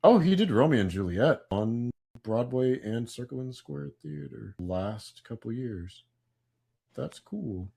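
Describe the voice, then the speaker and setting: A man co-hosting a casual pop-culture podcast, chatty and prone to loud bursts of hype. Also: medium pitch, animated, takes it slowly, gravelly, slightly rough. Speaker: podcast co-host.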